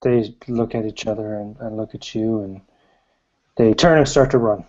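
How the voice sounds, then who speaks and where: Laid-back game master with a dark voice. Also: male voice, on the low side, fairly even intonation. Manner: laid-back, chuckling, halting. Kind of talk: narrating a tabletop game. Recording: slightly muffled.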